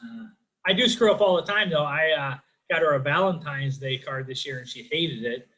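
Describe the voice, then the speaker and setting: A middle-aged man with a Chicago accent works through a stand-up set on a video call. His voice sits a touch high and sounds bright and ringing. He rambles in a chatty, self-deprecating way, padding his jokes with fillers. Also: expressive, moderate pace, poor audio. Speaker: stand-up comedian.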